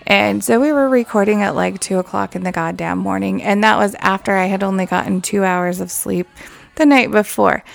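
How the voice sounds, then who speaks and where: Gravelly-voiced woman podcast host. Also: mid-range voice. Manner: profane, emotional, laughs often. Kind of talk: casual chat. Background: faint background music.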